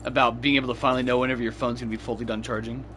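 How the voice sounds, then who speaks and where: A man's voice: mid-range voice, flat delivery, very fast, a bit bright, a little hiss or hum. Young man, casual gaming chat, profane, laughing, faint ambience behind. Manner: profane storytelling, laughs often.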